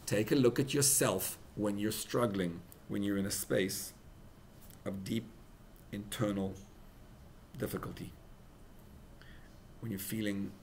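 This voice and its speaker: A young rabbi preaching at a farbrengen, emotional, building to loud emphatic peaks and mixing in Hebrew and Yiddish words. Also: male voice, on the low side, slight background noise. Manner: mixes in Hebrew and Yiddish terms. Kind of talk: sermon at a farbrengen gathering.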